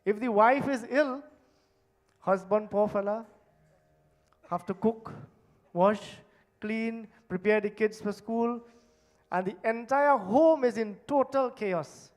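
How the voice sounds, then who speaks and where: A man preaching a sermon at a temple, stressing words strongly and dropping to hushed, low phrase endings. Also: slow, pauses often. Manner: emphatic, swinging between loud stresses and hushed low endings. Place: temple hall.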